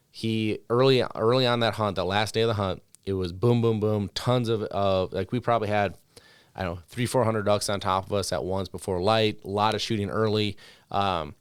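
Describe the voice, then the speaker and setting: A man with a lowish, smooth, resonant voice talks casually on a podcast. He rambles through stories with frequent fillers. The sound is dry and close. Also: no room sound. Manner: conversational, storytelling with many fillers. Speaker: podcast co-host, dog trainer. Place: studio.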